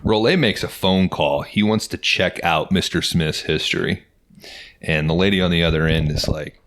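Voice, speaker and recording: A man with a very low, deep voice talks through a movie plot in relaxed, swear-heavy podcast chat. He keeps a loose, easygoing delivery, slipping into quoted lines as he goes. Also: moderate pace. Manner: laid-back, profane, acts out quotes with laughs. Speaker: podcast host. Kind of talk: casual movie recap chat.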